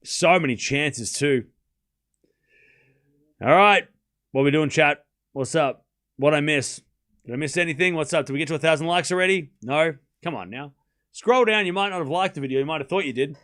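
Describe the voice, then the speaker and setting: Bright-voiced man calling live tennis. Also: fairly high pitch, moderate pace, long pauses. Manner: calls each shot in short bursts, then chats loosely with viewers and swears offhand. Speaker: host streaming a live tennis watchalong. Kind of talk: casual live play-by-play commentary with chat asides.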